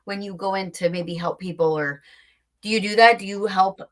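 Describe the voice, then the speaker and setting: A woman's voice: medium pitch, moderate pace. A woman hosting an interview, chatting casually with many fillers and restarts. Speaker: podcast host.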